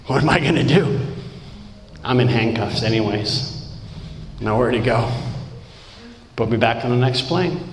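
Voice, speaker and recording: A middle-aged man from Romania giving a personal recovery testimony in slow, deliberate, blunt words. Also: medium pitch. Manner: slow, deliberate delivery with blunt, raw wording. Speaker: recovering alcoholic sharing his story. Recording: roomy hall with long reverb, faint background noise.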